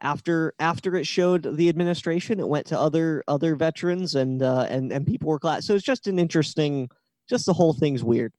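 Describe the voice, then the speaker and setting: A man's voice: fairly high pitch, fairly quick, darkish tone, no echo. A man in his thirties co-hosting a podcast, telling a story with lots of build-up in casual chat. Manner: chatty storyteller with long build-ups. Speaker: podcast co-host.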